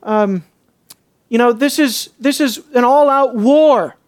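A man preaching an expository sermon. He asks rhetorical questions, swings between hushed and emphatic, and turns sarcastic when mimicking others. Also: extremely high pitch, slow pace.

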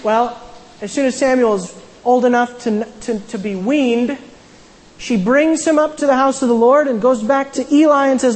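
A woman's voice: high-pitched, normal speed, a little mellow, in a large hall, rough recording. A woman casually retelling a Bible story as a sermon, with conversational asides and frequent restarts. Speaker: Bible teacher.

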